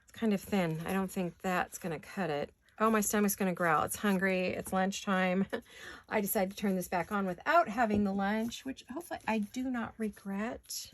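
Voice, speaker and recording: A woman vlogger, raspy from allergies, chatting casually and talking to herself as she makes paper crafts in her home studio. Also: medium pitch, moderate pace, dry recording. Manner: chatty, talks to herself while working.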